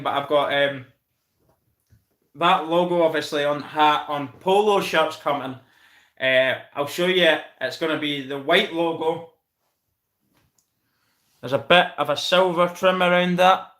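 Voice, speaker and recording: A Scottish man chats casually on his live stream, thanking viewers by name and calling them mate. His voice is fairly high for a man, with a bright, forceful edge. It rings in an echoey room. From Scotland. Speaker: channel host reviewing football.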